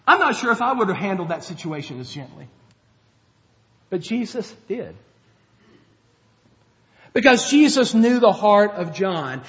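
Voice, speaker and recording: High-voiced preacher in a reverberant hall. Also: male voice. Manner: earnest, conversational preaching with acted-out quotes. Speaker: pastor. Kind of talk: sermon. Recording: dull lo-fi sound with long hall reverb.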